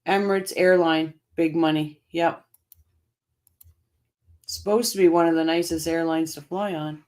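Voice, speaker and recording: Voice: medium pitch, steady tone, unhurried, darkish tone. A livestream host who says they are losing their voice, chatting casually, reacting and reading viewer comments over court footage. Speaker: host of a true-crime livestream.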